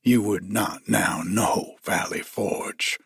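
A man voicing a white-haired old male soldier with a soft, hushed, courteous way of speaking. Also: lowish voice, fairly even intonation, slow pace, gravelly, slightly rough, dry recording, clean studio sound, full character voice. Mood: earnest.

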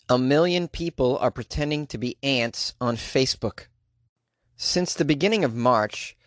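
A man hosting a comedic weird-news podcast, reading stories with animated jokey asides. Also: fairly high pitch, dry recording, studio quality. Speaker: podcast host.

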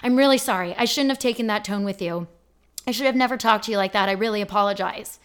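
A woman's voice: mid-range voice, fast talker, a bit bright, clean tone, close to an everyday voice. A woman reenacting an irritated, condescending female insurance agent on a phone call for her podcast. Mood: apologetic. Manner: clipped and impatient, then flustered and apologetic.

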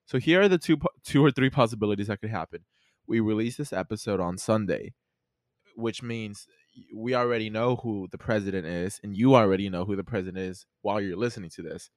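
A teenage boy hosting a podcast with friends, chatting casually and joking with quick asides. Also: fairly low pitch, dry recording, clean studio sound. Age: teens. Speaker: podcast host. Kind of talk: casual chat.

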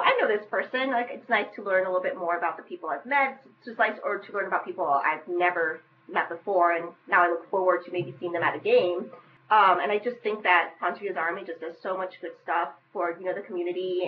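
A young woman from Western Massachusetts, a podcast guest chatting casually and quickly. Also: on the low side, phone-quality sound, slight background noise.

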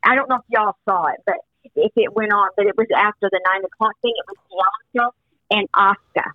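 Mom rambling on the phone, kinda muffled dull line, dry sound. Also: female voice, mid-range voice, brisk, no echo. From Missouri. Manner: chatty, rambling, laughs often. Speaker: guest, host's mother. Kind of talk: casual chat.

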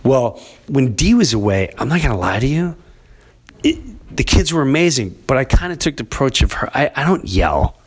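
A man's voice: medium pitch, moderate pace, breathy edge. A middle-aged man hosting a podcast, telling a rambling family story in casual chat and acting out what his family members said. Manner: rambling, animated storyteller who acts out quoted family members. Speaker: podcast host.

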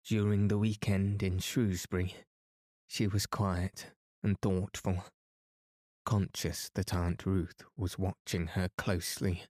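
A man reads a novel aloud as a bedtime story in a calm, soothing way. His voice is low and flat, and he speaks slowly. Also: no echo, clean studio sound. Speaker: podcast narrator.

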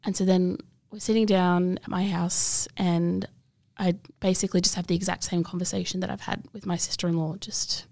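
A young woman recounts her life candidly, earnest and emotional, trailing into fillers. Her voice sits fairly low and carries a gravelly fry. It is recorded close and dry. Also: flat delivery, brisk, mellow, no room sound. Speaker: interview guest. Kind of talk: candid personal interview.

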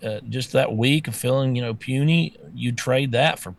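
A man's voice: mid-range voice, normal speed, vocal fry. A man co-hosting a casual talk show, blunt and exasperated, often stammering and restarting. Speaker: co-host.

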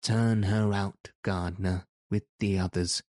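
A haughty chorus of rebellious talking roses makes its scornful demands, as a man reads them. The voice jumps higher and louder than the narration. It is recorded dry and close. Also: steady tone, measured pace, no echo. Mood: demanding.

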